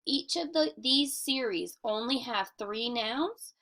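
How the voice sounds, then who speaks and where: Woman teacher, recorded kids' lesson, unhurried and careful, gravelly edge to a bright voice. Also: on the high side, animated. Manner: clear, deliberate teacher talk, slowing to model reading aloud. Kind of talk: recorded grammar lesson for children.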